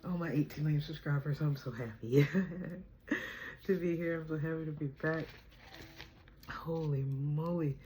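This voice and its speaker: At home, a woman vlogger hosts a casual video chat recorded on camera. Her low, mellow voice moves at a measured pace, and she's playful and chatty, laughing often.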